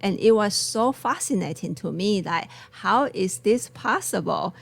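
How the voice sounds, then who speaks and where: Gravelly-voiced woman chatting about tea. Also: medium pitch, animated, measured pace. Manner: laughs often, loose non-native grammar. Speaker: tea shop co-host. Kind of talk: casual live-stream chat.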